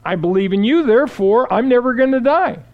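A man giving a steady, explanatory Bible teaching, walking through verses and quoting scripture aloud. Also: very high voice, brisk, lo-fi sound.

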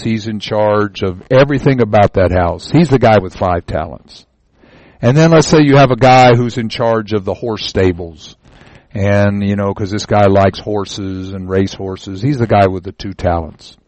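A man's voice: lowish voice, darkish tone, no room sound, low-quality recording. A man teaching an informal Bible lesson, telling the parable as a folksy, homespun story and often repeating words as he goes.

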